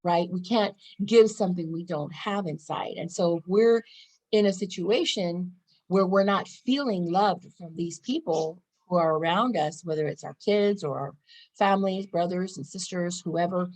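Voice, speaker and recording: A woman's voice: lowish voice, normal speed, a little mellow, rough recording. Bubbly chatty woman vlogger. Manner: bubbly, chatty, upbeat, often laughing. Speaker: wellness vlogger. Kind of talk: casual talk to camera.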